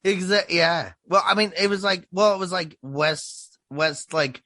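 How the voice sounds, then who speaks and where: Podcast co-host, male, bright voice, profane storyteller, dry close sound. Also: high-pitched, unhurried, no room sound. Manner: profane, animated storytelling with laughs. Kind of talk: casual chat.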